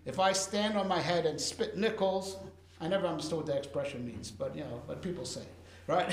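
A man's voice: on the high side, fairly quick, roomy sound. A man teaching a casual Torah class, talking conversationally with Hebrew and Yiddish terms and frequent "right?" checks.

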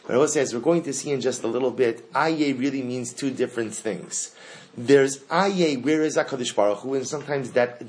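A man's voice: mid-range voice, slight background noise. A man teaching a Torah lesson to a class. He asks the students questions and repeats the key phrases.

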